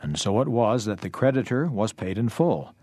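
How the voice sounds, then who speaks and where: A man reading a parable aloud for a lesson in a measured, even way. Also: lowish voice, no room sound. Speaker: reader of a lesson text.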